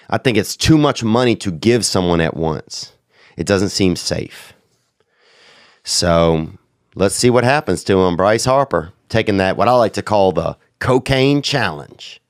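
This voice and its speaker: A man's voice: on the low side, no echo, studio quality. A sick, sniffling man hosting a podcast, riffing in a crude, slangy, rambling comic monologue. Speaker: podcast host.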